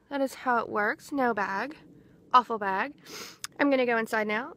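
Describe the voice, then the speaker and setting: A middle-aged woman chatting outdoors as she walks viewers through a skincare product, often clearing her throat. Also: on the high side, pushed and bright, dry recording. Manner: chatty, talks viewers through each step. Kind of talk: casual product demonstration vlog. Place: outdoors in the wind.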